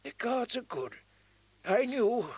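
A man reading an audiobook voices a dying old maester, speaking softly and haltingly. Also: very high voice, very animated, breathy edge, dry recording, voice pushed up, heavily acted. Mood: weak. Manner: soft, faltering, broken phrases. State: weak, dying. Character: dying old male maester, gentle and weak.

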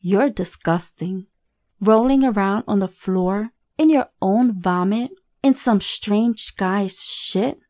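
A woman reading a horror story, voicing a cruel, scornful woman who taunts in a slow, mocking drawl. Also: medium pitch, a little mellow, close to an everyday voice.

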